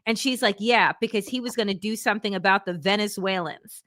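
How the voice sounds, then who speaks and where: Bright, lively woman telling a story. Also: mid-range voice, fairly quick, dry recording. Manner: lively, quotes others in voices, laughs often. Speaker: political analyst. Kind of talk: casual chat, animated storytelling.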